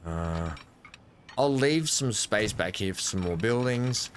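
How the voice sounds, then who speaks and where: Let's-play host, man, somewhat low voice, rambling self-correcting commentary into a desk mic. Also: animated, takes it slowly, slight background noise. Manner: thinks aloud while building, self-correcting. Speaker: gameplay commentator.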